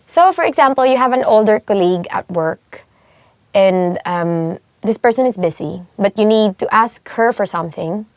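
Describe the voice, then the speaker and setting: A woman's voice: medium pitch, animated, normal speed, dry recording. A young woman from the Philippines giving a friendly language lesson, explaining phrases patiently with playful everyday examples. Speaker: language teacher.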